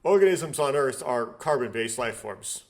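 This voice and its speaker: A man's voice: mid-range voice, expressive, moderate pace, darkish tone. Chatty man reading a game aloud. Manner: chatty, rambling asides, sarcastic nitpicking. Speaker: let's play host. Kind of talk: reading a game's text aloud with commentary.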